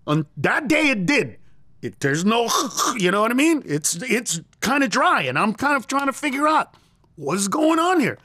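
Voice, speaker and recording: Middle-aged male comedian as guest, animated storyteller, high and expressive, close dry studio mic. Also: normal speed, no echo. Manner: acts out quoted lines in a raised voice.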